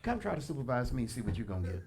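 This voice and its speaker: A man pastor preaching a sermon in a church, animated and colloquial, addressing the congregation directly with punchy asides. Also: medium pitch, very fast. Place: church sanctuary.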